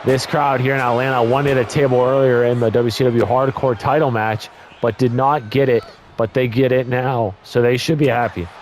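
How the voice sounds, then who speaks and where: A man's voice: mid-range voice, normal speed. Young male gaming commentator, worn voice, eager play-by-play, faint hiss under it. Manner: excitable, blurts exclamations, stumbles and corrects himself. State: voice getting worn from talking. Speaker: gaming YouTuber commentating a wrestling game.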